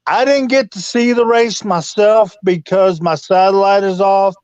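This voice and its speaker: Slow folksy man, lo-fi sound. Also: sits high, fairly even intonation, darkish tone, smooth, no echo. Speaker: friend chatting. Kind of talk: casual chat.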